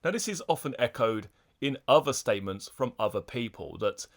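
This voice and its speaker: A man hosting a podcast, explaining things in a measured way and putting questions to a guest. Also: mid-range voice, expressive. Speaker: podcast host and interviewer. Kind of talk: podcast commentary and interview questions.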